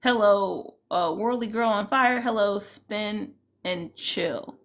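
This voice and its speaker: A woman's voice: mid-range voice, slow, a bit bright. A woman hosting a casual livestream, chatting loosely and greeting viewers by name. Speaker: livestream host.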